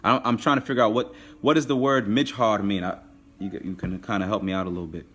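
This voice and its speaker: A man teaching a live online language class, patiently repeating phrases slowly. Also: lowish voice, steady tone, a bit bright.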